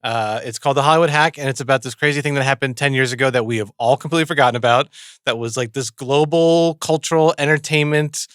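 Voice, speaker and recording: A man's voice: medium pitch, fast, a bit bright, smooth, no room sound, studio quality. A man talking casually as a podcast guest, telling a story with lots of fillers. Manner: chatty, storytelling, many fillers. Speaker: podcast guest and host of a series. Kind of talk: casual chat.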